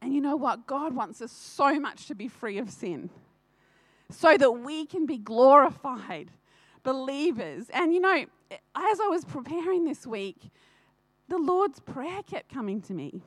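A woman's voice: high voice, sing-song, measured pace, no room sound. A woman giving an earnest personal testimony in church, often laughing and speaking straight to the congregation.

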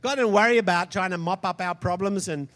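A man delivers an emphatic sermon in a notably high voice. He keeps pressing the congregation for responses. A long hall reverb hangs behind every phrase. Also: brisk, fairly bright tone. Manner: emphatic, calls out for audience responses. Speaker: preacher.

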